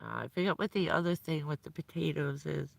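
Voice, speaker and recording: A woman's voice: sits low, brisk, vocal fry, no room sound. A middle-aged woman chatting on a casual live stream, rambling and laughing often. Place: vehicle at night in the cold.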